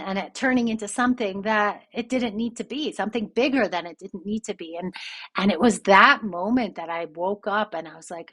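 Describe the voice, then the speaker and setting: A woman's voice: mid-range voice, a bit bright. A woman who hosts a podcast and works as a relationship coach, telling a personal story in a candid, reflective and self-critical way.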